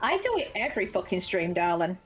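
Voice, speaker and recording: A woman's voice: on the low side, big pitch swings, fairly quick, soft background music. A woman playing a tabletop game on a live stream, bubbly and teasing, swearing freely. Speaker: player. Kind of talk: casual role-play on a live stream.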